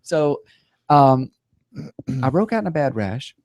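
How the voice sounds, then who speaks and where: A man's voice: mid-range voice, lively intonation, slow, a little mellow, no echo, studio quality. A man guest on a talk show, telling a personal story with humor and playful acted-out quotes.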